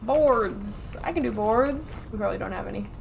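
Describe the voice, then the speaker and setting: A woman from Upper Michigan with a Yooper accent, chatting casually as a streamer while gaming. Her words sound round, her consonants are soft, and she rambles and laughs often. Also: medium pitch, moderate pace, creaky, noisy background. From Upper Michigan, USA. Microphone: close desk mic.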